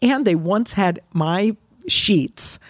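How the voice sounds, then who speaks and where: A woman comedian as a podcast guest, chatting in a brash, expressive way, laughing often and swearing. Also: mid-range voice, slow pace, dry recording, studio quality. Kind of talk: casual chat.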